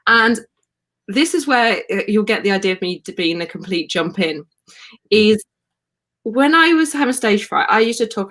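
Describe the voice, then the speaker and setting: Woman chatting on a video call podcast, animated storyteller, laughs easily, mid-pitched. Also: moderate pace. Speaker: podcast guest, wellness coach. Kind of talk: casual live podcast chat over video call.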